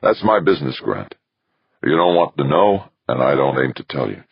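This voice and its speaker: A man's voice: a bass voice, sing-song, moderate pace, vocal fry, slightly rough, no room sound, heavily acted. A man voicing a sly, blunt older male smuggler, slangy and knowing. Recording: dull lo-fi recording.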